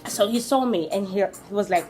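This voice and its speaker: A young Namibian woman with a Namibian accent, telling a storytime vlog in a casual, animated way and acting out what people said. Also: medium pitch, normal speed, faint music behind. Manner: animated, switches between English and Afrikaans, acts out quotes. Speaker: vlogger.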